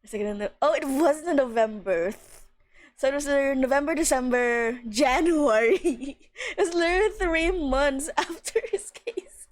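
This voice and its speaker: A woman streamer chatting casually and excitably between voiced game lines, laughing often and swearing. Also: high voice, moderate pace, background noise. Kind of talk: casual live-stream chat while voicing game characters.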